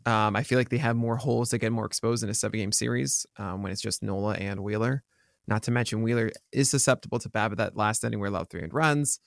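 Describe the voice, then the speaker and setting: Clean studio sound with no room noise captures a man's low, creaky voice as he co-hosts a sports podcast. He rambles casually, corrects himself often, and is quick to joke.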